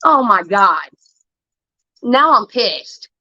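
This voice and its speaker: A woman's voice: mid-range voice, sing-song, extremely slow, bright, forceful tone, no room sound, muffled recording. A woman livestreamer giving a heated, profane, defensive rant straight to her viewers. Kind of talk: angry ranting monologue.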